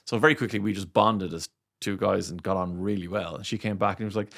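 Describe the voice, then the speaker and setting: Middle-aged Irish man, deep and gravelly, a chatty radio pro spinning stories. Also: fast talker. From Ireland. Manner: animated storyteller, acts out quoted voices. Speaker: radio presenter, guest. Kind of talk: casual storytelling interview.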